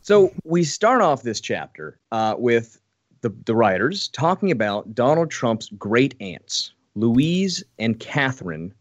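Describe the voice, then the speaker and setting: A man's voice: mid-range voice, sing-song, takes it slowly, dry recording, dull audio. A man co-hosting a casual podcast book review, talking in a sarcastic, wry way. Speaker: podcast co-host.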